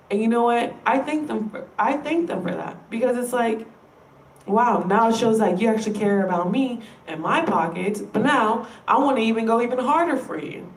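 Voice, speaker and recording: A woman vlogger vents to her audience, emphatic and exasperated, cursing without holding back. Her voice sits a little high and carries the roomy echo of a space with the mic set some way off. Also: normal speed, a little hiss or hum. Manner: frustrated, emphatic, swears freely. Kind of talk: direct-to-camera rant. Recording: roomy sound, distant from the mic.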